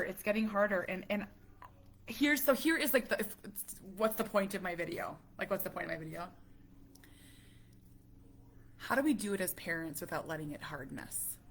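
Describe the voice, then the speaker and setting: A woman around forty talking to camera as a parent vlogger, halting and emotional, dropping to a near whisper at heavy moments. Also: medium pitch, a bit bright. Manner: halting, emotional, many restarts. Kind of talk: casual talk to camera.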